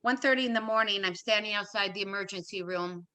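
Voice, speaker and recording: Here a middle-aged woman being interviewed talks fast in a medium pitch, her tone bright and forceful. She relives an emotional personal episode by voicing the dialogue and hammering points home through repetition.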